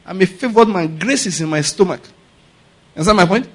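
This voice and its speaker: A man's voice: sits high, animated, a little fast. A male pastor, preaching a conversational sermon and often checking that listeners follow. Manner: conversational preaching, keeps asking if the audience gets his point.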